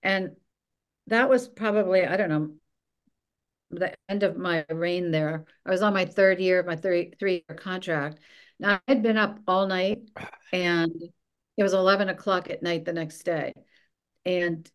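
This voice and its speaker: A woman, a former film executive, telling a story as a podcast guest and acting out the dialogue she quotes. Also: on the low side. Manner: lively, acts out quoted dialogue. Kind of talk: casual storytelling interview.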